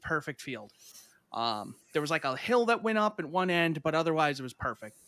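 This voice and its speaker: A young man hosting a podcast, chatting casually and telling stories with animated voices. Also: fairly high pitch, no room sound, studio quality. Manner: animated storyteller, acts out voices when retelling. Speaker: podcast host. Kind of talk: casual chat.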